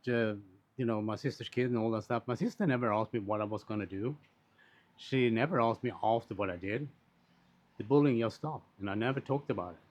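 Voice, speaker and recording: A man of middle pitch ranting in a blunt, loose monologue, dropping swear words and circling back on his own points. The recording is dull and lo-fi, with muffled highs. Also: a little mellow. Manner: blunt, rambling, swears freely. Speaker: commentator on social issues. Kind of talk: casual unscripted monologue.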